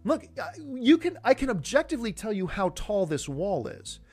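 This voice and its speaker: Exasperated man ranting with lively swings. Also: high-pitched, normal speed, breathy edge. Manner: exasperated, emphatic, sarcastic. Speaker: host. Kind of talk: opinion rant.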